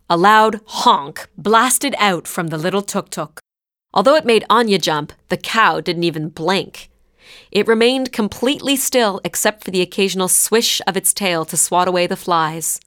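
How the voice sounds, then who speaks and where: A woman narrating a scripted story in a clear, measured way. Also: mid-range voice, lively intonation, fairly bright tone, no echo, clean studio sound.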